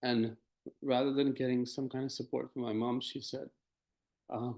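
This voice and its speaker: A man, a podcast guest, telling a personal story in a halting, hesitant way with many pauses and restarts. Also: mid-range voice, level tone, darkish tone, poor audio. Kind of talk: personal testimony in conversation.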